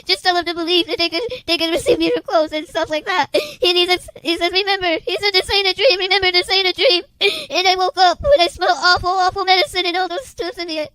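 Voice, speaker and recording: A woman's voice: extremely high pitch, fast talker, hardly any pauses, sharp tone, low-quality recording. A woman giving an emotional religious testimony, tearful and repetitive, often breaking into crying.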